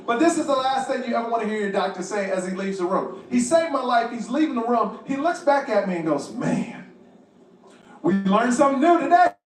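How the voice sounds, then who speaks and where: High-voiced comedian, echoey and distant. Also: male voice, fast, few pauses, faint music behind. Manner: animated storytelling, acting out other people's voices, profane. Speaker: stand-up comedian. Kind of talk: stand-up comedy routine. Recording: roomy, distant and noisy.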